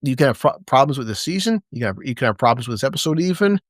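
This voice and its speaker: An excitable man hosts a casual chat, swearing freely and acting out lines from scenes. His pitch sits in the middle range. The sound is dry and close, with no room echo. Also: very fast. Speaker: podcast host. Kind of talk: casual episode review chat.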